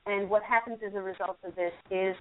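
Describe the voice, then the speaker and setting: A woman's voice: mid-range voice, fairly even intonation, a little fast. Soothing woman radio host on a phone-like line. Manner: warm, soothing and encouraging, with frequent laughs. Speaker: radio host and angel card reader. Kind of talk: call-in radio reading.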